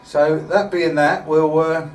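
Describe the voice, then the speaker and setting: A man's voice: a little high, steady tone, a little slow. A man hosting a casual supporters' club chat show, talking chattily through fixtures and signing off cheerfully. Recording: echoey room, voice from far off the mic.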